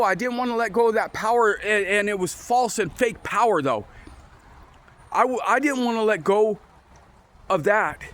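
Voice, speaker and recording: Outdoors on a windy day, a man with a high, slightly bright voice shares his testimony, recounting his life story in a casual, rambling way. He keeps restarting sentences and acts out the conversations he remembers.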